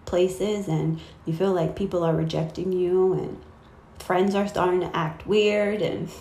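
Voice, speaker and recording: A woman's voice: on the low side, fairly even intonation, measured pace. A woman giving a casual spiritual talk to her viewers, rambling and interrupting herself with fillers. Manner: rambling, warm-hearted, self-interrupting with fillers. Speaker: faith vlogger. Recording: echoey room.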